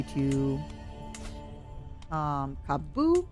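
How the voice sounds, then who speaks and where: A woman streamer giving chatty, self-mocking commentary while playing a strategy game, now and then bursting into excited shouts. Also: low voice, slow pace, soft background music. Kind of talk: casual gameplay commentary.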